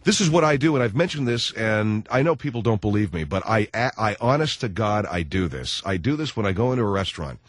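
Brash, lively male talk-radio host. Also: lowish voice, brisk, few pauses, dry recording, studio quality. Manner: brash, jokey, animated storyteller who acts out voices. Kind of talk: casual talk radio monologue.

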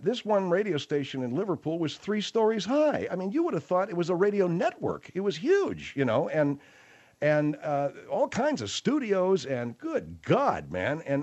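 Radio host guy, rambling and slangy, mid pitch, a little muffled. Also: a little mellow. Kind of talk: late-night radio talk show.

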